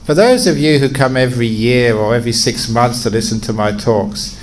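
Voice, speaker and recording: A middle-aged man giving a storytelling talk to his regular audience, expressive and humorous. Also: medium pitch, fairly quick, slight background noise. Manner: warm-humoured, expressive storyteller. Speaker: meditation teacher giving regular talks.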